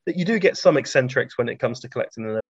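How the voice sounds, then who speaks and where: A man telling anecdotes in a relaxed interview, chatty, full of ums and restarts, laughing at his own stories. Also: medium pitch, quick pace, faint music behind. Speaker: science author and guest. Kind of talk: anecdotal conversational storytelling. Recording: dry, slightly dull lo-fi recording.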